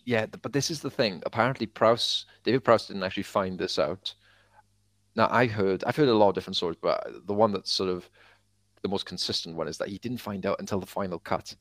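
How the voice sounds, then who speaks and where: A man co-hosting a casual podcast, an animated storyteller who fills his talk with "like" and acts out quotes. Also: deep voice, a little fast, no room sound. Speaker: podcast co-host. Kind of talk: casual chat.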